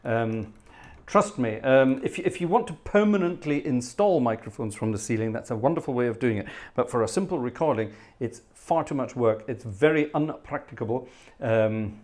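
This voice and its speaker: A man's voice: medium pitch, expressive, moderate pace, darkish tone. Chatty man in his fifties, rambling. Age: 50s. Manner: chatty, rambling, with wry asides. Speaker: livestream host and organist. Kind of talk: casual chat reading out viewer messages.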